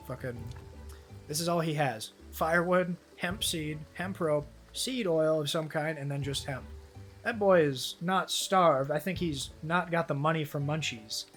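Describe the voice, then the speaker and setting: A man's voice: fairly high pitch, a little slow, a bit bright, faint music behind. Profane, rambling male streamer. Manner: profane, rambling, easily delighted. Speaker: game streamer. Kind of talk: casual live-stream commentary.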